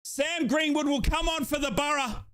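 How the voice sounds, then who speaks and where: A young Australian fan streamer gives excited, breathless live commentary on a football match, shouting and chanting along. His voice is very high-pitched and his pace moderate.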